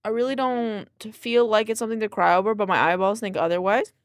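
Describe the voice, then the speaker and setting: A woman's voice: mid-range voice, fairly even intonation, quick pace, no echo, clean studio sound. A young woman streamer chatting casually with her live chat in a sleepy, laid-back way, counting out exercise reps as she goes.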